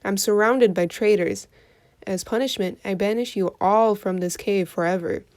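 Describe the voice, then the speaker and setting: A woman's voice: mid-range voice, fairly even intonation, moderate pace, a little mellow, natural voice. A woman voicing a cruel, boastful male king of sharks who rages and gives commands in a storybook reading. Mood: raging. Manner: raging and commanding.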